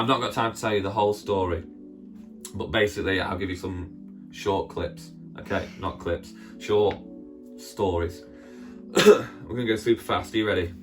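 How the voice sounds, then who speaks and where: A man retelling a Bible story for children in a chatty, playful way, often asking his listeners questions. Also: fairly low pitch. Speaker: children's church leader.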